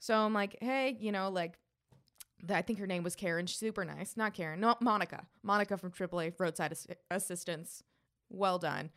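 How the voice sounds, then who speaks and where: A young woman co-hosting a podcast, telling a long story in a casual, animated way, swearing often and acting out what people said. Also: lowish voice, fairly quick. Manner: animated, profane storytelling with quoted voices. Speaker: podcast co-host.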